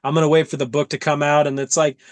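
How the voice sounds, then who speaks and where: Animated, higher-voiced man hosting a podcast. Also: quick pace, no echo. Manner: animated storyteller, acts out his own quotes. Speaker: podcast host. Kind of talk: casual interview chat.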